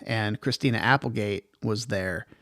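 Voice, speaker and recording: A man in casual podcast chat, telling stories quickly and dropping short interjections. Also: lowish voice, vocal fry, fairly bright tone, no echo, studio quality. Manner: quick storytelling, brief interjections. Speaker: podcast co-host.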